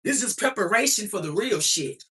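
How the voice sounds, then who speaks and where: A young adult woman livestreaming, firing back at her chat in a profane, preachy, confrontational way. Her voice is bright and sharp. She sits a little back from the mic, so the sound is somewhat distant. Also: medium pitch, animated, normal speed. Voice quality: profane, defiant.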